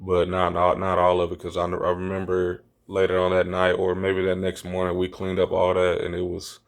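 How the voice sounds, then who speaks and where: Lowish-voiced man swearing his story is true. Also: normal speed, creaky. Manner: animated, acts out quotes in a raised voice; repeats himself, insists it is true. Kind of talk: casual storytelling to viewers.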